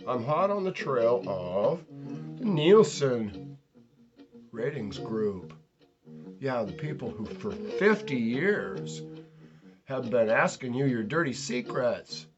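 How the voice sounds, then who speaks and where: A man hosting his own show in a rambling, provocative solo monologue, mocking himself, drawing out words and jumping suddenly in loudness. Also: medium pitch, animated, takes it slowly, long pauses. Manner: provocative, ranting, self-mocking. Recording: lo-fi recording with guitar music behind. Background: plucked guitar music.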